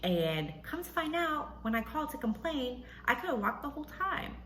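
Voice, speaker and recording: A woman hosting a podcast, casually telling a personal story and acting out what others said in a higher voice. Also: moderate pace, reverberant, slight background noise, poor audio. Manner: animated, acts out quotes in a high voice, laughs often. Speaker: podcast host.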